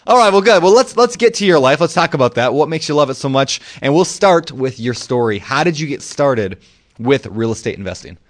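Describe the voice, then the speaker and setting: A man's voice: mid-range voice, animated, brisk. A man from Minnesota co-hosting a podcast, laid-back, quipping and laughing along in casual banter. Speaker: podcast co-host.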